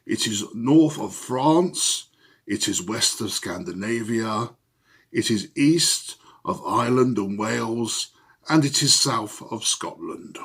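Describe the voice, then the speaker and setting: A man playing a pompous older upper-class British gentleman, lecturing in a comedy sketch. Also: lowish voice, lively intonation, slow, husky, full character voice. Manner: blustering, pompous, patriotic lecturing.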